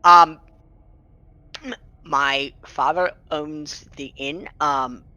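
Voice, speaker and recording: A game master voicing an excitable young half-elf woman who gasps, squeals and gushes in a rush during a tabletop game. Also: medium pitch, clear, resonant tone. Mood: eager. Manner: gushing, breathless, rapid gasps and squeals. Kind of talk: tabletop role-play character voice.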